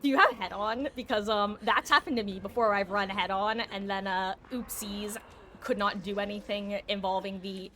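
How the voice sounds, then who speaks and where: A woman's voice: mid-range voice, fairly even intonation, normal speed, bright, forceful tone. A woman streaming a game live, chatting casually to viewers in a rambling way, laughing often and correcting herself. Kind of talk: casual live-stream chat while gaming.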